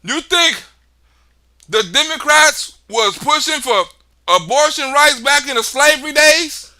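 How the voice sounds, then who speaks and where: A man hosting a livestream, giving loud, excitable, profane political commentary and tagging many remarks with "right?". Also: very high-pitched, a little slow. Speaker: livestream host.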